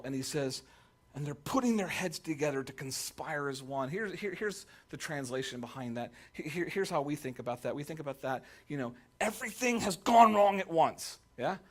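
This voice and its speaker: A male pastor preaching a sermon to a congregation, telling jokey stories and acting out the quotes. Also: fairly high pitch. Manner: animated, jokey storytelling with voiced quotes. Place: church sanctuary.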